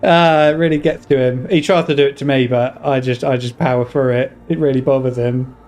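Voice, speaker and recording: A young man chats through a game stream in a fairly high voice, laughing often and drifting into asides to his viewers. The talk is loose and rambling, with faint music under it. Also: moderate pace, a little mellow. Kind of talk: casual gaming commentary.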